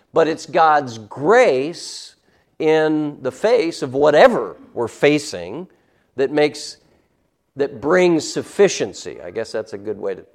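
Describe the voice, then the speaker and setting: Man teaching Sunday school, fairly high voice. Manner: conversational, frequent "all right?" check-ins, emphatic on scripture. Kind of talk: Bible lesson.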